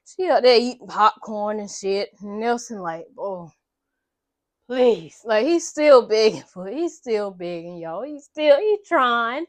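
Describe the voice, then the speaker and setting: A woman casually recapping a movie in a chatty, animated, slangy way, cursing freely. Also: a little high, unhurried, few pauses, no room sound. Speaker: vlogger.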